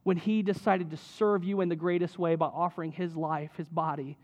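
A man with a high, light voice delivers a sermon to his church. He talks in a loose, conversational way, full of "you know" and "right?", sliding his pitch up and down as he goes. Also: steady tone, moderate pace. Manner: conversational, with many fillers and tag questions. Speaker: pastor.

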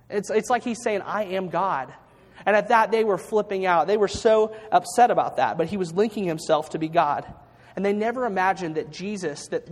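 A man preaching a sermon in an earnest way, often repeating words as he reads scripture aloud. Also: sits high. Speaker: pastor. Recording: long hall reverb.

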